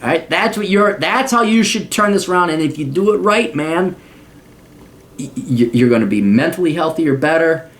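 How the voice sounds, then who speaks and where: A man delivers a podcast monologue in a blunt, profane, ranting way. His voice sits a bit high and swings widely in pitch. He keeps dropping sarcastic, mocking asides. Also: animated, moderate pace, fairly bright tone. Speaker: podcast host.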